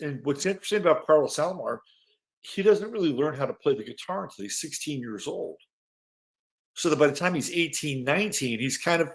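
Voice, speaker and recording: A middle-aged man hosting an astrology livestream, chatting casually and reading out greetings from the chat, loose and swearing now and then. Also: medium pitch.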